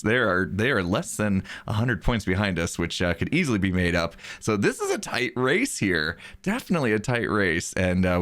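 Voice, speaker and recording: Lively chatty man narrating gameplay. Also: mid-range voice. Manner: cheerful, chatty, frequent laughs. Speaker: game commentator. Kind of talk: let's play commentary.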